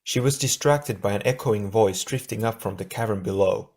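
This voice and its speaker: Man, audiobook narrator, low voice, steady measured reading. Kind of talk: scripted narration.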